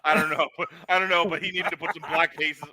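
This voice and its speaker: A man's voice: a little high, brisk. A man co-hosting a comics podcast in casual chat, joking and swearing freely. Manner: joking, profane, animated. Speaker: podcast co-host.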